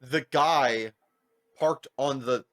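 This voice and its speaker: A young man telling stories on a podcast in a casual, animated way, with heavy swearing, lots of filler words and acted-out voices of the people in his stories. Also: mid-range voice, very slow. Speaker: podcast co-host. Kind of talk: casual storytelling chat.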